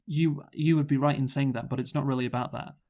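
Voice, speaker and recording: A man's voice: mid-range voice, steady tone, mellow. Thoughtful man discussing a film. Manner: thoughtful, measured, hedging with "you know". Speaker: podcast co-host, film reviewer. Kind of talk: casual film review chat.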